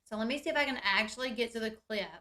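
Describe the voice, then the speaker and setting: A woman's voice: fairly high pitch, rapid-fire, sharp tone. A woman talking straight to her viewers in a casual, chatty recap, full of "like" and "you guys". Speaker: reality TV recap YouTuber. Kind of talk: casual reality-show recap.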